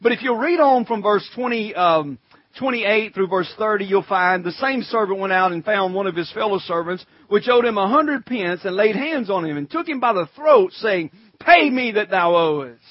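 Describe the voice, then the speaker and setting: A man preaching a sermon with a high voice, talking plainly to his congregation and calling out to them between scripture readings. The sound is dry and close, and the recording is dull and lo-fi. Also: animated, moderate pace, no echo. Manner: conversational preaching, calls to the congregation; reads scripture in old-fashioned wording. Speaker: pastor.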